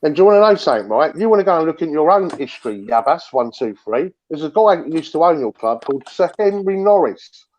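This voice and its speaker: A man's voice: a little high, sing-song, fast, few pauses, darkish tone, a little hiss or hum. A man, a Chelsea fan trading heated football banter on a livestream, mocking and combative, swearing and calling everyone "mate". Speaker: guest pundit, Chelsea fan.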